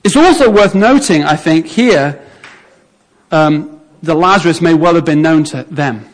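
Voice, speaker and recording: Delivering an expressive, unhurried sermon, a preacher with a notably high male voice brings the story to life, performing the reactions of the people watching.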